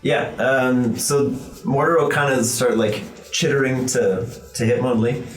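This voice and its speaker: A man's voice: medium pitch, steady tone, measured pace, faint music behind. Game master, male, mid-range voice, casual filler-heavy narration, echoey room. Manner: loose, chatty narration full of fillers.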